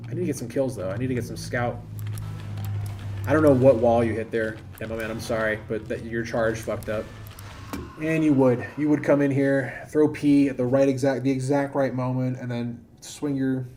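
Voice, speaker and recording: An American man streams a game and talks through it in a loose, rambling way, restarting sentences and jumping to loud exclamations. His voice sits at an ordinary middle pitch. Clear background noise and typing run under his desk mic. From United States. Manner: rambling, self-interrupting, loud bursts of excitement. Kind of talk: casual live-stream commentary while gaming.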